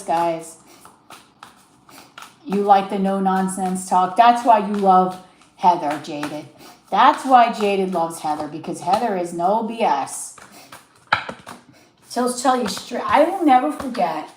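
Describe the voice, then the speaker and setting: A woman's voice: medium pitch, roomy sound, a little hiss or hum, low-quality recording. A woman livestreaming as a tarot reader, telling a story casually with a stuffy, sniffly nose and acting out the quotes. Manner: chatty, animated, laughs often, acts out quotes.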